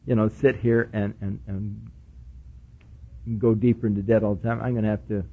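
Husky preacher telling a story. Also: male voice, moderate pace, phone-quality sound. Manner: animated storyteller acting out dialogue, soft low murmurs rising to excited bursts. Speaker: pastor. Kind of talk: sermon with storytelling.

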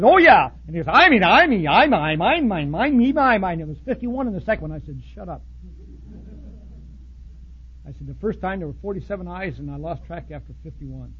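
A man preaching a sermon in a blunt, folksy way, swinging from loud outbursts to soft asides. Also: high-pitched, dull audio, slight background noise. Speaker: pastor.

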